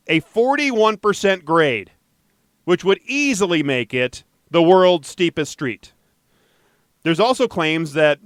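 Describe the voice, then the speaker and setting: A man hosting a chatty podcast, animated and jokey as he riffs on odd news. His voice sits a little high for a man and sounds smooth and clear. The sound is close and dry. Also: no room sound. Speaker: podcast host. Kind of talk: casual news chat.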